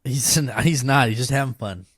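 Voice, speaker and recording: A man's voice: medium pitch, a little fast, a crowd in the background. A man co-hosting a podcast with laid-back, joking short replies. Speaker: podcast co-host. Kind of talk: casual podcast chat.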